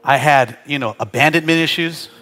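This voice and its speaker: A man preaching with a high, bright voice that stays chatty and joking with the congregation, then climbs into loud, shouted prayer. Faint music plays behind him. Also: normal speed. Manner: conversational, building to shouted prayer; humorous asides to the congregation. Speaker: pastor. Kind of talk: sermon.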